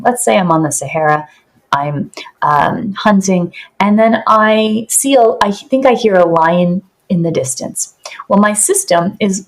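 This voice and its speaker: A woman guest on a podcast, calmly explaining in an earnest, teaching way with vivid examples. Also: medium pitch. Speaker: podcast guest, somatic practitioner.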